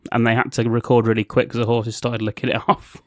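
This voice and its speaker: A man's voice: medium pitch, level tone, dry recording, clean studio sound. Man retelling film scenes. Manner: retells scenes with quick impressions of characters, laughs often. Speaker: podcast co-host. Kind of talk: casual film review chat.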